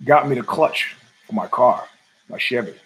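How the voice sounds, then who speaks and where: A man's voice: mid-range voice, lively intonation, moderate pace, a bit bright, low-quality recording. A man hosting his own show from home, ranting in a profane, sardonic and digressive way. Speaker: podcast host. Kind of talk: ranting solo commentary.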